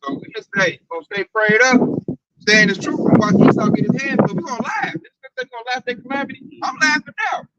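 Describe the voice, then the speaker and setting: A man in a casual group discussion, animated and slangy, often tagging his sentences with "man". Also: very high-pitched, fairly quick, vocal fry, highs cut off, very noisy. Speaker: camp group member.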